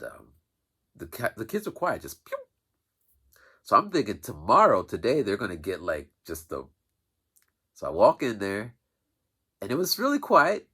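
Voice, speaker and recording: A man, a teacher, telling a rambling school story in an animated, casual way. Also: low-pitched, slightly rough. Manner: animated, rambling, with many restarts. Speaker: teacher and vlogger.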